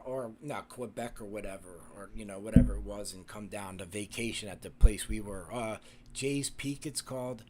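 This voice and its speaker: A man's voice: medium pitch, a little mellow, a little hiss or hum. A man, hosting a casual live stream and chatting with viewers in a rambling, profane way, full of fillers and restarts.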